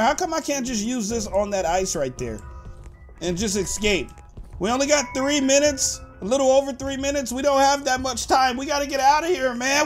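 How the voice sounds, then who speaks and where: A man giving excited gameplay commentary to his viewers, full of "like" and "guys" and bursting into sudden shouts. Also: very high-pitched, moderate pace, soft background music. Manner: animated, says "like" and "guys" a lot, bursts into shouts. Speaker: gaming YouTuber.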